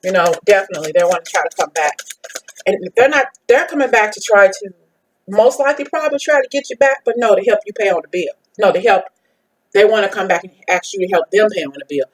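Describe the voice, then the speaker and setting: A woman's voice: medium pitch, expressive, fast talker, poor audio. A woman giving a casual tarot card reading, talking bluntly and repetitively and swearing freely. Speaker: tarot reader and psychic medium.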